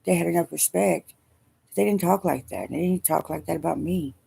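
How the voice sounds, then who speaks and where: A middle-aged woman speaking haltingly and wearily in a personal video diary, emotional as she talks. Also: lowish voice, vocal fry, mellow, husky. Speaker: vlogger.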